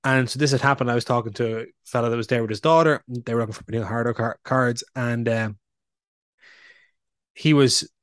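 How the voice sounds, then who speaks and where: A man's voice: medium pitch, steady tone, a bit bright, no room sound, studio quality. Chatty man co-hosting a podcast. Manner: chatty, storytelling with filler pauses. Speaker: podcast co-host. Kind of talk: casual chat.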